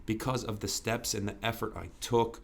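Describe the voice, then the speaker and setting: A man with a lowish, flat voice and some vocal fry speaks at a moderate pace. He's a guest on a podcast in a candid interview, talking earnestly, repeating himself, dropping lots of "you know"s and swearing casually.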